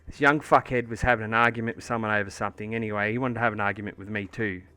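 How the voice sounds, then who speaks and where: A man's voice: on the low side, steady tone, racing, pushed and bright, clear, resonant tone, no room sound. An Australian man livestreaming from home, chatting casually and rambling through a story with plenty of swearing and fillers. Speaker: livestreamer painting miniatures. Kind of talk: casual chat while painting on stream.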